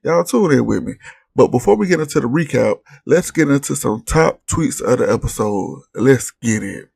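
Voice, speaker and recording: A man's voice: medium pitch, animated, normal speed, gravelly, a little mellow. A man hosting a casual reality TV recap vlog, blunt and profane as he reads viewers' posts and mocks the cast. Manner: brash, blunt, profane trash-talk with laughs.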